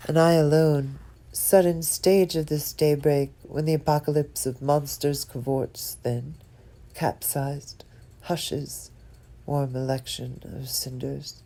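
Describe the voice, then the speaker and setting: Slow, low-voiced woman reading poetry. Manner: expressive, drops some words to a whisper; lingers on and repeats single words. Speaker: poetry reader.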